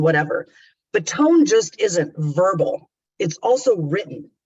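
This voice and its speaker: Man, middle-aged, high-pitched, conversational trainer, candid, slightly muffled audio. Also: slightly rough. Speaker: customer service trainer. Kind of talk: webinar presentation.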